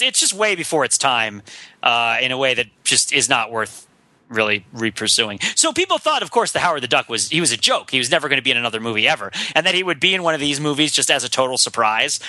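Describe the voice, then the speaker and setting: A man co-hosting a podcast in casual chat, rambling and animated, with lots of fillers and restarts. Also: medium pitch, no room sound. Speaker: podcast co-host.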